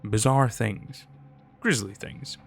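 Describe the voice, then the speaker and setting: A gruff government agent with a Western drawl and a low, gravelly voice, talking bluntly with a sardonic edge, as a man puts him on. The storybook voice sits over faint music. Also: slow pace, fairly bright tone, heavily acted. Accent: American Western drawl. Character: gruff middle-aged male government agent.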